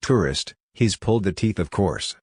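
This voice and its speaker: A man with a very low, deep voice reads prose aloud in an even, unhurried way. The sound is dry and close, with no room echo at all. He keeps a steady literary reading pace throughout. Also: husky. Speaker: reader.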